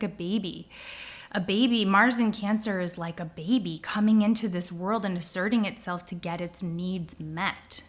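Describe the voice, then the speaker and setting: A middle-aged woman astrologer giving a casual spoken forecast, lively, now and then dropping into whispers to act out feelings. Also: on the low side. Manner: animated, acts out quoted feelings with sudden whispers.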